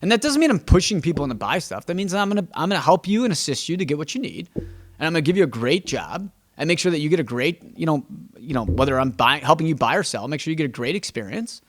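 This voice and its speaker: A man's voice: fairly high pitch, expressive, fast. A man hosting a podcast as a real estate agent, talking in a casual, emphatic monologue that stumbles and repeats words as he thinks aloud. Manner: acts out quoted exchanges with clients.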